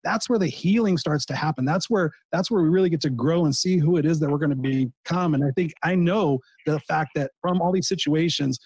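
A man's voice: fairly high pitch, fairly quick, hardly any pauses, darkish tone, breathy edge, no room sound. A man, a coach, speaking in a heartfelt way about personal loss on a podcast, often restarting his sentences. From Southern California. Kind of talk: emotional personal storytelling.

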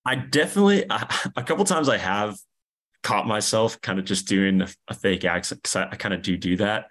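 A man's voice: lively intonation, a little fast, fairly bright tone. A young man with a New York accent, chatting as a podcast guest with lots of fillers and restarts. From New York, USA. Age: young adult. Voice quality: deep. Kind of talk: casual interview chat.

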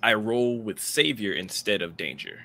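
Low-voiced man checking the rules. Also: expressive, normal speed, gravelly, sharp tone, a little hiss or hum. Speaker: player. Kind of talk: playing a tabletop game.

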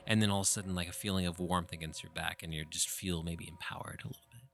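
A man's voice: sits low, steady tone, quick pace, a bit bright. A man playing a tabletop game, describing his character's moves and spells in an engaged, casual way. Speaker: player.

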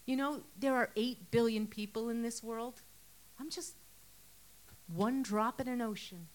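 An earnest woman delivering a sermon. She talks conversationally, asks her listeners rhetorical questions, and her voice sits a little on the higher side. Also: unhurried. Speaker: preacher.

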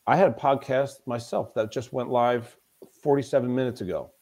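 A man's voice: medium pitch, normal speed, a little mellow. A man speaking as a guest in a conversational podcast interview. He talks as a mental toughness coach, telling stories with emphasis and often repeating himself.

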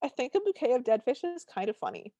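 A woman's voice: high-pitched, big pitch swings, fast talker, warm tone, no echo, lo-fi sound. A woman co-hosting a podcast, wryly narrating film scenes in casual chat and laughing often. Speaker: podcast co-host.

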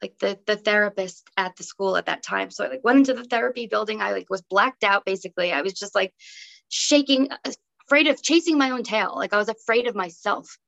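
A young woman talks through a personal story as a podcast guest, chatty and loose, with lots of "um" and "like". Her voice has a gravelly edge of vocal fry. The audio is dull and somewhat lo-fi. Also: mid-range voice, a little fast, a bit bright. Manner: chatty, many fillers like "um" and "like". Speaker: podcast guest, breathwork teacher. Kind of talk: casual conversational storytelling.

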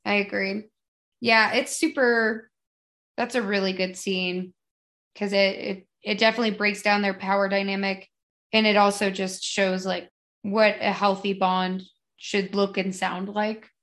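A woman's voice: medium pitch, little pitch movement, a little slow, fairly bright tone. A woman in casual podcast talk, chatty and full of fillers. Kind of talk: casual film discussion.

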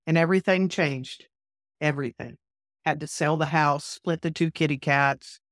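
An earnest woman minister retells a personal story for an interview, voicing the dialogue as she goes. Her voice sits fairly low, and the recording is dry and close with no room sound. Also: moderate pace, dry recording. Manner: animated, vivid retelling that acts out quoted dialogue. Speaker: podcast guest.

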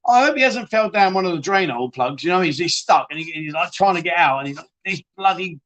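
A man's voice: a little high, animated, quick pace, fairly bright tone, highs cut off. A man hosting a live chat show, rambling and joking as he reads out viewer comments and calls people mate.

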